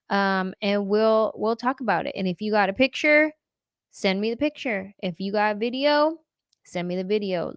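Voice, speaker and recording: A woman's voice: medium pitch, fairly bright tone, no room sound. A woman hosting a live-streamed interview, bubbly and playful, laughing easily. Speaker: host.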